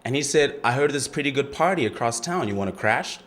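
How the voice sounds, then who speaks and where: A rambling young street kid on the witness stand, full of slang and defensive asides, as a man acts him out in an audition monologue. His voice swings widely up and down, climbing high when pushed. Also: lively intonation, fast, a bit bright, lightly acted. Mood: laid-back. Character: young streetwise male murder-trial witness.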